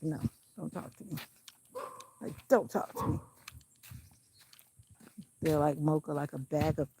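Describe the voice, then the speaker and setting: A woman's voice: low-pitched, gravelly, dark tone, slight background noise. A woman vlogging casually while walking her dog outdoors on a country road, chatting and giving the dog firm commands. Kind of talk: casual walking vlog commentary.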